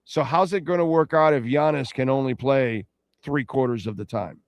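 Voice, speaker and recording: Rambling middle-aged radio host. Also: male voice, mid-range voice, moderate pace, dry recording. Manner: rambling, conversational, reacting to chat. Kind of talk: casual sports talk.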